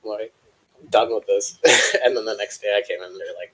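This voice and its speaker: A man's voice: on the low side, a little fast, fairly bright tone, husky, low-quality recording. A man co-hosting a casual chat show, telling a long, profane story and acting out the people in it. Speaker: co-host.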